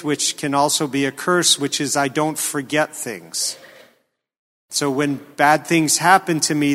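A man preaching a sermon, earnest and questioning, with a slow, emphatic delivery. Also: on the high side, a bit bright. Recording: long hall reverb.

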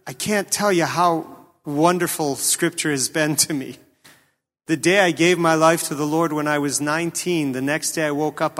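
A man delivers a sermon in a slow, deliberate voice, pitched a bit high for a man. His tone is earnest and questioning, and he leans hard on key words. A long reverb trails each phrase. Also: fairly bright tone. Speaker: preacher.

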